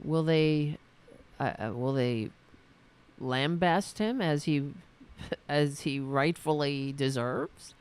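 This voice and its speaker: A man's voice: fairly high pitch, clear, resonant tone. Sarcastic, profane man ranting solo. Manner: halting, with many restarts and fillers. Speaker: political commentary host. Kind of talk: angry solo political rant.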